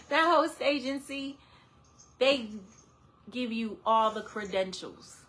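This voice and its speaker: A woman's voice: fairly high pitch, slow pace. A woman who works as an independent travel agent, chatting on a live stream to her viewers with lots of laughter. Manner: animated, laughs often, talks straight to viewers. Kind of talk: casual live-stream chat. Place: indoors under a ring light.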